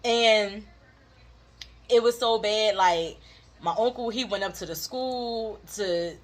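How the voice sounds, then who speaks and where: A woman, telling a childhood story in casual chat with her husband, animated and laughing often. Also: medium pitch, slow. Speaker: co-host of a couples channel.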